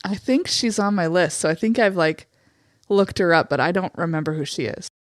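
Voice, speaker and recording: A young adult woman from Montana with vocal fry and a slightly raspy voice, co-hosting a podcast in candid casual chat full of "like" fillers. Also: on the low side, brisk, no room sound, clean studio sound. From Eastern Montana, USA. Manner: candid, frequent "like" fillers, swears freely. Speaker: podcast co-host.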